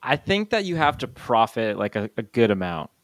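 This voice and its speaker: A man's voice: medium pitch, big pitch swings, moderate pace, no echo. Chatty male podcast co-host. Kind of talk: casual podcast chat.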